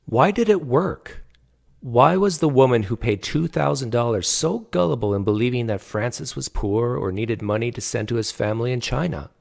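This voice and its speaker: A man narrating a commentary video, asking slow, deliberate questions between clips. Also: mid-range voice, vocal fry.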